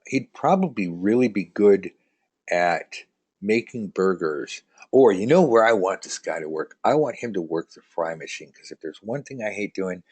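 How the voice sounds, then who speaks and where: A man's voice: low-pitched, a little mellow, breathy edge. A man teaching tarot in a casual live online lesson, chatty and joking, reading out viewer comments as he rambles along.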